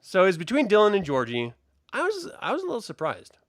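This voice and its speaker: Animated, profane male storyteller. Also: sits high, a little fast, no echo, studio quality. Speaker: co-host reviewing a baking show. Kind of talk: casual podcast chat.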